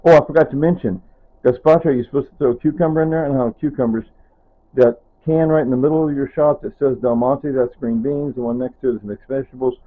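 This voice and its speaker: A man's voice: medium pitch, fairly even intonation, fast. Rambling man with a tinny, phone-like sound. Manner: rambling and digressive, often trailing off with "anyway" and "whatever". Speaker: vlogger. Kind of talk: casual kitchen vlog narration. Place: home kitchen.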